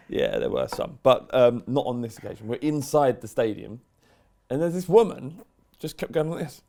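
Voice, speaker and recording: A man co-hosting a podcast, chatting casually about football, animated and sweary, swinging between loud outbursts and low asides. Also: a little slow, vocal fry. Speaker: podcast co-host.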